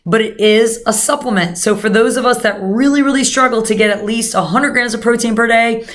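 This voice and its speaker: A woman's voice: on the high side, fairly quick, fairly bright tone. A woman giving a casual nutrition lesson, chatty and full of fillers, talking straight to her viewers. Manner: chatty, many fillers, addresses viewers as guys. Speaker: nutrition coach. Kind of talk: casual instructional talk.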